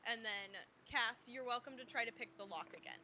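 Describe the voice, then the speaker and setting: A woman's voice: on the high side, a little fast, a crowd in the background. A woman running a tabletop game as game master, asking players for rolls and laughing often.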